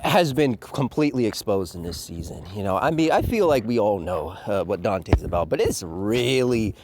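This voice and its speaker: A man's voice: lowish voice, expressive, moderate pace, a little mellow, a little hiss or hum. A man giving a profane, ranting review commentary full of fillers and laughs.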